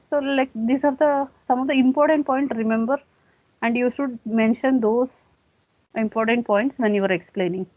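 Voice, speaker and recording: A woman's voice: on the high side, no echo. A woman giving a classroom lecture, explaining step by step and often saying okay. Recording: dry, tinny phone-like sound.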